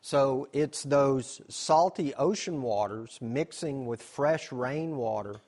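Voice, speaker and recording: Man, nature center presenter, mid-pitched, explains step by step, asks questions then answers them. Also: slow, a little mellow. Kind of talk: slideshow presentation.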